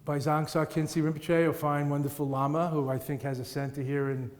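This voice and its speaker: A man's fairly high, slightly mellow voice comes across flat and a little fast as he gives a dharma talk. This Buddhist teacher keeps it playful and rhythmic for an audience in a large meeting room, laughing at his own jokes, with the echoey hall lending roomy reverb.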